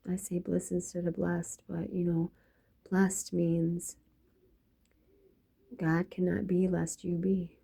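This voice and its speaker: Gravelly, dark-voiced woman musing aloud. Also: lowish voice, little pitch movement, slow pace, long pauses, poor audio. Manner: loose, free-associating, drifts into whispered asides. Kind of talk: rambling spiritual monologue.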